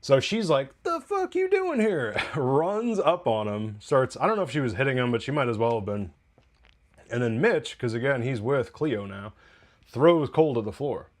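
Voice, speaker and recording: A man's voice: medium pitch, animated, moderate pace. Chatty man recapping a TV episode. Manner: chatty, loose, profane asides, laughs while recapping. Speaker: TV review podcast host.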